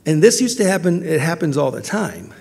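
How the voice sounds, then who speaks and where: A man's voice: a little high, very animated, brisk, vocal fry, darkish tone, breathy edge. A man preaching a sermon as a pastor, earnest and storytelling, with frequent restarts. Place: large church hall. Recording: long hall reverb.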